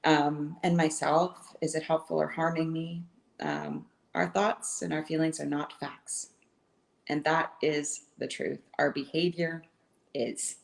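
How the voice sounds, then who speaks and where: Low, gravelly-voiced woman co-host. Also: animated, slow pace, echoey room. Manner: reflective and encouraging, with many fillers. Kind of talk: live video chat.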